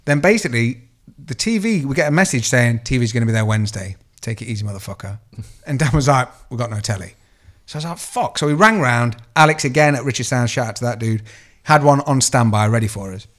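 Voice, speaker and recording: A man's voice: medium pitch, expressive, fast talker, few pauses, fairly bright tone. Sweary man telling a story. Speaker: co-host. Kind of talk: casual podcast chat.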